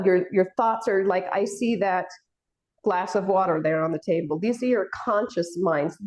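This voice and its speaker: A woman's voice: medium pitch, a little mellow. Earnest rambling woman on a spiritual panel. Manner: earnest, rambling, with emotional swells and laughs. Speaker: panel host. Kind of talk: casual spiritual discussion.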